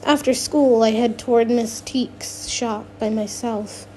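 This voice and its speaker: A woman's voice: a little high, fairly even intonation, takes it slowly, dark tone, a little hiss or hum. A woman narrating a first-person novel, reading with frequent restarts and self-corrections. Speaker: audiobook narrator.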